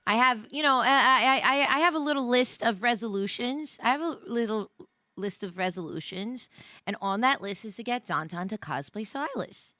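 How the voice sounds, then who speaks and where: An American woman streamer chatting casually on a live stream, jet-lagged and tired, rambling with many fillers and bursts of excitement. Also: fairly high pitch, moderate pace, no echo. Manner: excitable, rambling, many fillers, swings between mumbling and squealing.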